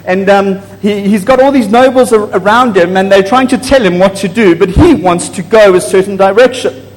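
A man preaching a sermon to a congregation in a church, excitable and prone to loud bursts, often asking the people questions. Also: high-pitched, moderate pace. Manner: excitable, gets loud and apologizes for shouting; asks the congregation frequent questions. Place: church hall. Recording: long echo of a large hall.

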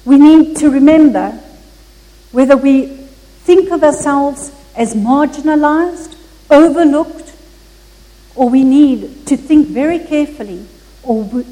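A high-voiced woman preaching slowly and earnestly, weaving a story into her sermon. Her tone is dark and mellow, and a long reverb hangs after each phrase. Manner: earnest, measured storytelling with some slips. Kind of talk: Christmas sermon with a read story.

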